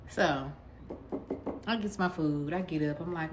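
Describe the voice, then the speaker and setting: A woman with a low, full voice tells a story in a casual, blunt, sassy way. She keeps the talk lively and direct, with a faint hum of background noise behind her. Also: moderate pace. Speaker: vlogger telling a dating story.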